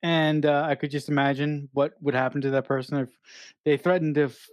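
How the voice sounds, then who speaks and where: A man co-hosts a casual film-review chat in a somewhat high voice. He talks in halting bursts, restarting phrases and swearing lightly as he gives his view. The recording is close and dry. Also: level tone, no echo. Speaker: podcast co-host.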